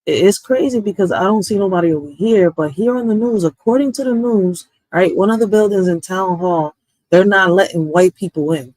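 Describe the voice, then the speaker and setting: Blunt high-voiced man. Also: normal speed, darkish tone, no room sound, poor audio. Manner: blunt, opinionated, conversational. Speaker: stream co-host. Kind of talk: casual chat. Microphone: streaming mic.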